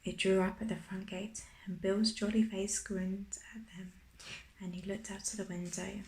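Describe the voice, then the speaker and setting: A woman reading a children's story aloud in soft-spoken ASMR style, mostly whispered and gentle. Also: mid-range voice, level tone, moderate pace, slight background noise. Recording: roomy echo.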